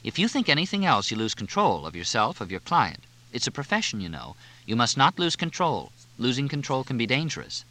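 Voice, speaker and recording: A man's voice: medium pitch, sing-song, a little fast, few pauses, bright, forceful tone, voice pushed up. A man voicing an outspoken young woman who lectures emphatically. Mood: lecturing.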